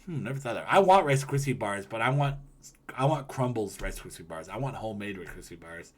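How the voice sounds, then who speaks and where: A man hosting a live stream in loose, profane chat that drifts from topic to topic. His voice sits a little low, and he breaks into loud ranting bursts. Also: lively intonation, fairly quick. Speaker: livestreamer. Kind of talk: casual stream chat, reading comments.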